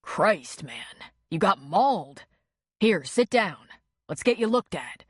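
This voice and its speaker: A woman voicing a calm, capable man in an audiobook. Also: mid-range voice, slow pace, husky, dry recording, studio quality, exaggerated voice. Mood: urgent. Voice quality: calm, steady.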